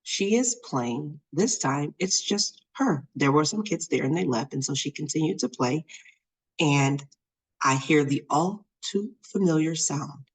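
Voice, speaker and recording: Animated woman telling a personal story. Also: sits low, a little slow, breathy edge, low-quality recording. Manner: animated, expressive, lots of fillers. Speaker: podcast host.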